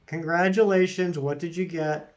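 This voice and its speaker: Man, casual live-stream chatter, slightly high voice, muffled lo-fi audio. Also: fairly even intonation, normal speed. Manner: chatty, reads out chat jokes and greets viewers. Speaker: streamer reading live chat.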